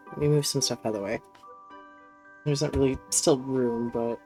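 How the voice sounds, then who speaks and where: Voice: mid-range voice, steady tone, moderate pace, pauses often, mellow, soft background music. A streamer in casual live-stream chat, rambling and talking fondly to a pet cat while playing.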